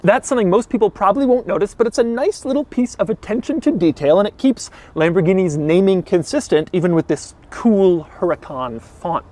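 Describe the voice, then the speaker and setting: A man's voice: high-pitched, darkish tone. A man giving a casual, enthusiastic car walkaround review with wry asides.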